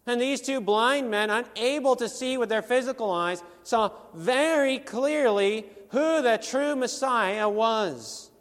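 A high-voiced man, slightly bright in tone, preaches a sermon at a slow, deliberate pace. He drives his points home earnestly and emphatically, using pointed rhetorical questions, while a long echo rings through the large hall around him.

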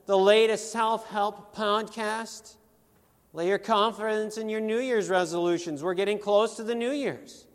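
His high voice echoing at length through a large hall, a man delivers a sermon slowly and with deliberate care. He makes his points emphatically and earnestly, punctuating them with pointed rhetorical questions.

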